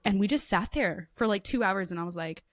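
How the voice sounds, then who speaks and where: A woman's voice: medium pitch, fairly quick, no room sound. Woman host chatting about faith, jumps into voices for quotes, dry close mic. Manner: animated storytelling, acts out quotes in lively voices. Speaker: podcast host. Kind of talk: casual faith conversation.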